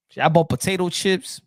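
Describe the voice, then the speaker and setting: A man's voice: sits high, dry recording, studio quality. A man hosting a boxing podcast in a casual, blunt and profane rant, often repeating words as he restarts his thoughts.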